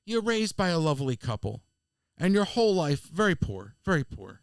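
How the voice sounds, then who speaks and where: A man, co-hosting a podcast and telling a funny travel story in casual chat, slipping into quick voices of people he met. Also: on the high side, sing-song, no room sound. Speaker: podcast co-host.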